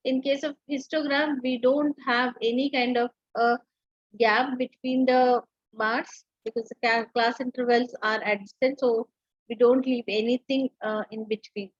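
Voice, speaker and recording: A woman's voice: fairly high pitch, steady tone, unhurried, no echo, lo-fi sound. A woman teacher giving an online lecture, explaining step by step with frequent fillers and restarts.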